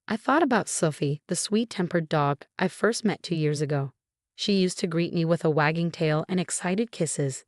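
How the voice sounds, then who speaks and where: A woman narrating a first-person scripted story in a steady, measured way. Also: lowish voice, no room sound, studio quality.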